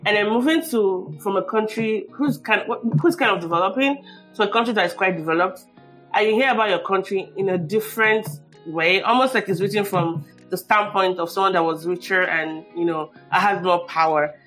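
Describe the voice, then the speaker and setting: A woman's voice: medium pitch, fairly quick, a bit bright, soft background music. A woman hosting a podcast, asking long, rambling questions full of asides. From Nigeria. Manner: rambling, many asides and restarts. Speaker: podcast host.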